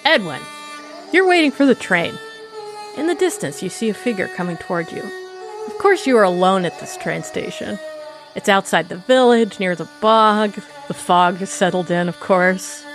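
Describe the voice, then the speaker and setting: A woman's voice: medium pitch, lively intonation, moderate pace, faint music behind. A woman hosting a podcast, casually telling spooky folk tales with a playful, laughing manner. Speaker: podcast host. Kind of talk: casual storytelling chat.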